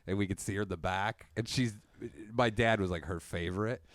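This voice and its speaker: A man co-hosting a podcast in casual comedic chat, telling crude stories with animated acted quotes. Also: fairly low pitch, a little fast, dry recording, studio quality. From rural farm upbringing. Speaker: podcast co-host.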